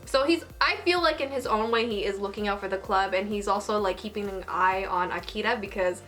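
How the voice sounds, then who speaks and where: A young woman reviewing an anime episode in casual, animated chat, swearing now and then. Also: mid-range voice, brisk, faint music behind.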